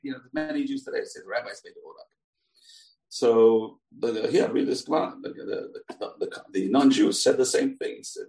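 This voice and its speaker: A man teaching a Talmud lesson as a lively story, acting out the characters' lines. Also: mid-range voice, normal speed, gravelly, far from the mic. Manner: animated, acts out the characters' lines. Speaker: Torah teacher.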